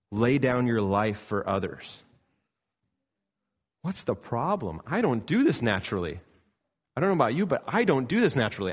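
A man, a pastor from Canada, preaching a sermon in an earnest style, rising to emphatic peaks and dropping low. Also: breathy edge.

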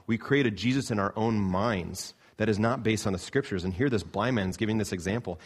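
A man, a pastor from Canada, preaching a sermon in an earnest style, rising to emphatic peaks and dropping low. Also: a little fast, few pauses, breathy edge.

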